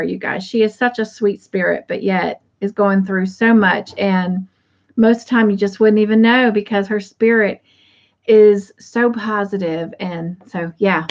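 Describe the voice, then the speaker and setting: A woman hosting a crochet livestream, chatting casually and warmly with viewers and often breaking into laughter. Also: medium pitch, lo-fi sound. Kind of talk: casual chat to live viewers.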